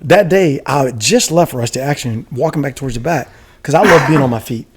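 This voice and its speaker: A middle-aged retired Army special forces soldier, appearing as a podcast guest, swaps war stories in casual chat. His mid-range voice moves fairly quickly, animated and profane, with frequent laughter over crowd noise.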